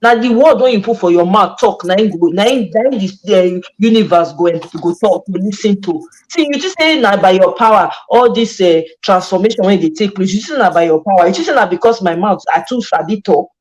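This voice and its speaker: A woman's voice: mid-range voice, expressive, brisk, few pauses, poor audio. A Nigerian woman hosting a casual chat, passionate and emphatic, mixing Pidgin and English. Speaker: host.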